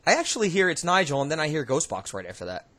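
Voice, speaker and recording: A man hosting as a paranormal investigator, casually talking through recordings in a relaxed, halting way, thinking aloud with fillers. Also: fairly high pitch. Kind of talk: casual commentary reviewing recordings.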